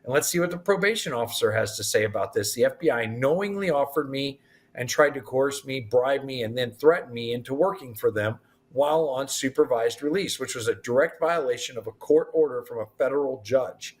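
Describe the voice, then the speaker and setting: A man's voice: medium pitch, fairly quick. A man, a guest in an interview, retelling events animatedly and acting out the dialogue. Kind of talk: storytelling in an interview.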